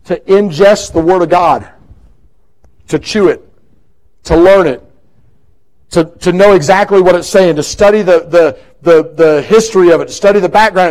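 A man preaching a sermon as pastor, earnest and pleading, swinging from loud passages to hushed invitations. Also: high voice, poor audio. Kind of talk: sermon with altar call.

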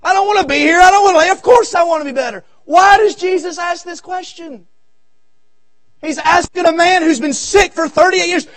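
A man with a Southern American accent preaching a revival sermon, swinging from shouted appeals to low murmurs and repeating his phrases. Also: moderate pace, no echo. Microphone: audio recording of a church service.

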